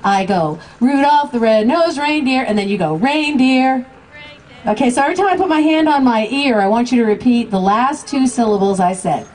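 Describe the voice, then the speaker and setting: High lively woman leading a live sing-along. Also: fast talker, hardly any pauses. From United States. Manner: playful and teasing, coaxing the crowd. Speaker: children's singer performing live. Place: outdoor Christmas lights event, crowd. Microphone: stage microphone through PA. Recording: live PA with music and crowd. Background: backing music and crowd.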